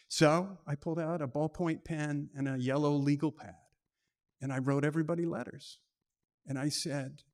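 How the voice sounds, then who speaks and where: A man with a fairly high voice tells a personal story to a live audience. His lines are short and punchy, and he slips in and out of the dialogue as he acts it out.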